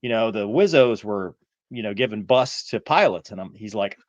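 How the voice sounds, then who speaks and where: A man's voice: on the low side, lively intonation, moderate pace, no room sound, muffled recording. A middle-aged man co-hosting a podcast, telling a flying story and acting out the radio calls. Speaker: podcast co-host, former fighter pilot. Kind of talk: casual storytelling chat.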